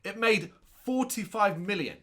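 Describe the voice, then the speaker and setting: A man with a somewhat high voice co-hosts a relaxed film discussion. He rants and mocks, swears freely, and keeps stopping to correct himself. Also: unhurried. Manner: ranting, sarcastic, swears, trails off and corrects himself. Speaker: co-host reviewing a film. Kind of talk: casual chat.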